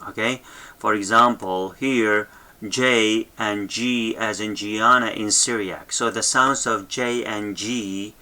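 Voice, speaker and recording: Bright-voiced man with teaching. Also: on the low side, steady tone. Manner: repeats each sound slowly, many fillers and okays. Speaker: language teacher. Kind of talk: slow instructional lesson.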